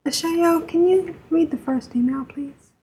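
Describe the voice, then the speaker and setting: A woman hosting a gaming podcast in casual chat, with a breathy voice and a hesitant, sympathetic manner. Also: very high voice, a little slow, warm tone, faint music behind, poor audio. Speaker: podcast host.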